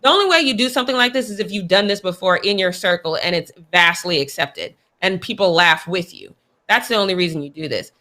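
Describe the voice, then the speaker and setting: A woman's voice: on the low side, expressive, brisk, pushed and bright. A woman co-hosting a sports talk show, giving her opinions in casual, emphatic chat. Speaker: podcast co-host.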